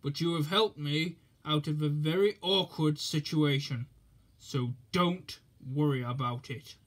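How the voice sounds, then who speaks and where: Portly, jovial male railway chief, genial yet authoritative, unhurried, voiced by a man. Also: fairly high pitch, fairly bright tone. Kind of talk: storybook reading.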